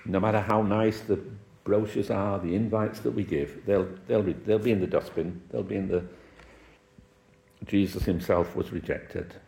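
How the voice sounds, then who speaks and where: Middle-aged preacher in an echoey church. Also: male voice, lowish voice, steady tone, moderate pace, vocal fry, a little mellow. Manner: conversational, anecdotal with chuckles and acted quotes. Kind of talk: sermon. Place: church hall.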